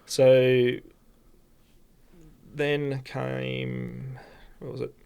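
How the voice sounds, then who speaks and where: An Australian man, a podcast guest, telling a personal story in a halting, rambling way with many restarts. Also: medium pitch, little pitch movement, creaky, darkish tone, clean tone. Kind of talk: casual storytelling.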